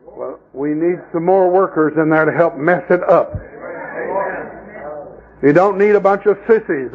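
A high-pitched preacher tells folksy tales during a camp meeting sermon, mimicking and mocking the people he quotes. It's a lo-fi recording.

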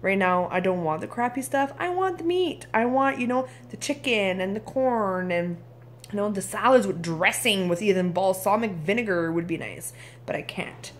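A woman's voice: medium pitch, normal speed, slight background noise. A woman in her thirties from Canada, talking frankly in a casual video diary, tired and irritable, now and then swearing. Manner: candid, frank, occasionally swears. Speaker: vlogger.

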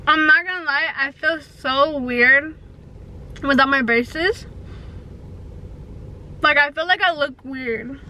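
Brief: high-pitched young woman, chatty and nervous vlogger, slight lisp, faint hum behind her. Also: slow pace, long pauses, pushed and bright. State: pregnant. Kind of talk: casual vlog chat.

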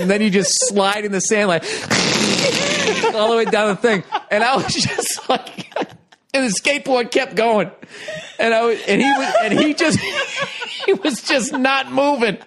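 American man, high voice, podcast host, casual story, profane, laughing. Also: a little slow, a crowd in the background. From United States. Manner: animated, profane, laughing often through the telling.

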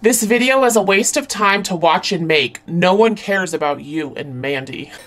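A woman reading out a snide online comment in a flat, sarcastic voice. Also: on the low side, normal speed, soft background music, natural voice.

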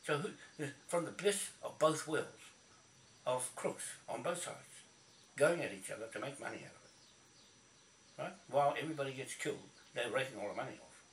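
A man's voice: medium pitch, animated, moderate pace, reverberant, far from the mic, a little hiss or hum. A man from New Zealand delivering a blunt, profane, repetitive ranting monologue to camera. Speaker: video blogger.

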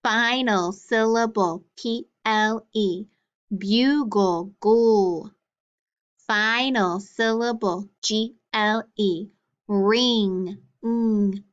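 A woman leading a phonics drill, saying each word and then its sounds and spellings clearly, with short praise. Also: medium pitch, very slow, lo-fi sound. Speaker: phonics teacher.

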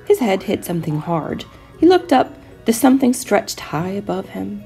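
A woman teacher reading a children's picture book aloud, expressive and animated. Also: medium pitch, normal speed, creaky, slightly rough, faint music behind.

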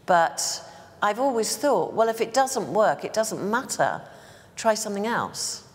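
A woman's voice: medium pitch, sing-song, a little slow, long reverb tail. A woman in her sixties from Bristol, England, telling stories in a casual interview as a make-up artist guest, rambling with fillers and restarts. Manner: chatty storyteller, many fillers and restarts. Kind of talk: casual anecdotal interview talk.

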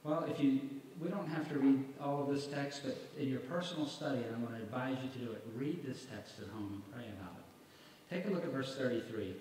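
A male evangelist preaches and reads scripture, driving his points home with emphatic rhetorical questions to the congregation. His medium-pitched voice is a little fast and a little mellow, recorded from a far-off mic in a very echoey hall with faint noise.

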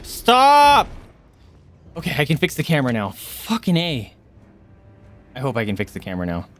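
A woman with a low voice and wildly swooping pitch gives live commentary while streaming a video game at a moderate pace. As enemies attack, she swears, yelps and shrieks at them, chattering to herself and talking to her chat.

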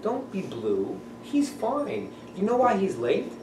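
A man putting on high, breezy, callous comforting friends, echoey room. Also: wildly swooping pitch, slow pace, background noise. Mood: soothing. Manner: brushing off worry. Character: mother's friends, falsely soothing, cheerful, callous. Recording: echoey room, mic at a distance.

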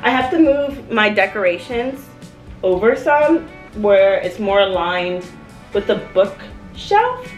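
A woman's voice: medium pitch, animated, unhurried, soft background music. A young woman vlogging in her apartment, gushing and chatty, with lots of "like"s. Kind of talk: casual vlog chat. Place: her apartment living room. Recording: echoey room.

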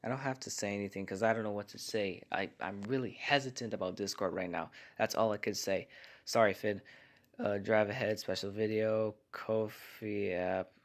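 A man hosting a casual comment-reaction vlog from his home garage, talking in a hushed voice to keep quiet. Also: fairly low pitch, steady tone, normal speed. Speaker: channel host reading viewer comments.

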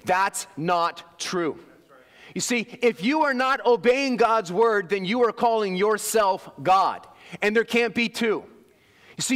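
A man's voice: high-pitched, fairly bright tone, long reverb tail. A man preaching a sermon as pastor, emphatic, asking the congregation for an "amen" now and then. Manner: emphatic preaching with call-and-response asides.

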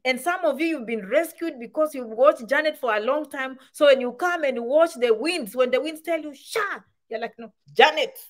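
A woman's voice: high voice, normal speed, hardly any pauses. A woman giving casual advice to camera, full of rhetorical questions and repeated points. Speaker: immigration advice vlogger.

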